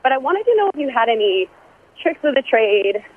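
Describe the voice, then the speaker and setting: A woman's voice: high-pitched, big pitch swings, a little fast. A woman from Boston leaving an earnest, chatty voicemail for a podcast. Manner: chatty, earnest, uses fillers. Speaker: caller. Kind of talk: voicemail message. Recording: tinny phone line.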